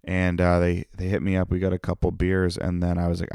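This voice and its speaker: A man's voice: sits low, monotone, a little fast, vocal fry, darkish tone, clean tone, no room sound, clean studio sound. A comedian hosting his own podcast, rambling and profane in a tired, self-mocking solo monologue. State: tired, yawning.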